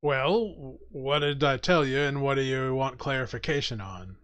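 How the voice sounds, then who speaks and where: A man's voice: mid-range voice, moderate pace, fairly bright tone, no echo, close to an everyday voice. A man voicing a groggy, hungover male adventurer in a tabletop game, groaning and stammering.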